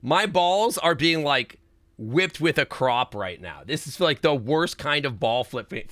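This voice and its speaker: A man's voice: medium pitch, lively intonation, measured pace, bright, forceful tone, no echo. A man streaming a puzzle game live, thinking aloud and swearing in frustration. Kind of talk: live gameplay commentary.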